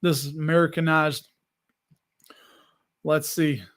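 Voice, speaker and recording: A man's voice: a little high, level tone, slow pace, a bit bright. An American man hosting a live investing stream, chatting loosely and reading viewer comments aloud. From United States. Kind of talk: casual live-stream chat.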